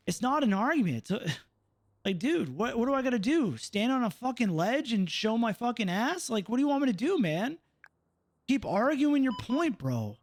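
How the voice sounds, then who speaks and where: A man's voice: high voice, dry recording. A young man streaming a roleplay game, venting out of character with heavy swearing, ending lines with "bro" and "dude".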